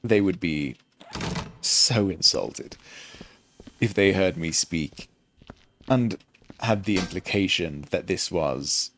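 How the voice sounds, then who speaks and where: A man's voice: deep voice, animated, slow, pauses often, a bit bright, slight background noise. A young man streaming a game, rambling in a self-deprecating, jokey way with a mild faux British-Australian lilt. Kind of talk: rambling gameplay commentary.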